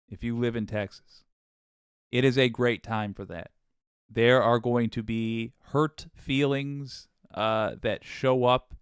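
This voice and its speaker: A man's voice: mid-range voice, smooth, dry recording, studio quality. A man hosting a political podcast, talking casually with wry asides and frequent restarts. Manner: chatty, wry, with laughs and restarts. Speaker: podcast host.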